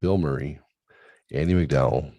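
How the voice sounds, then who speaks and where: Deep raspy middle-aged dude, crude loud banter, dry close mic. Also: male voice, moderate pace, no room sound. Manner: loud, laughing, mimics his kids in high voices. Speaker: podcast host.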